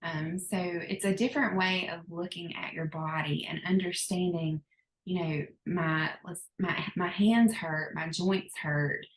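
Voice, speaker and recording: A woman's voice: fairly low pitch, fairly even intonation, measured pace, roomy sound, rough recording. A woman with a Southern American accent, a podcast guest earnestly talking through her own story in casual chat.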